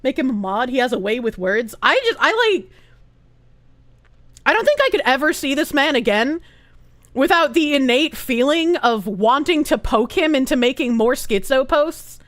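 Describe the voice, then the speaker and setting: A high-pitched woman streaming live, chatting casually with her viewers and reading their comments out loud. She swoops all over her range, breaks into giggles and swears freely. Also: normal speed. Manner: animated, giggly, swears freely, reads chat aloud.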